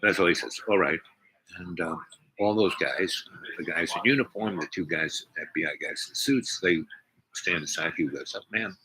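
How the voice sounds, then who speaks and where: A man's voice: low-pitched, moderate pace. An older man telling a rambling personal story, meandering through restarts and asides. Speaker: speaker. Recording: noisy recording with clicks.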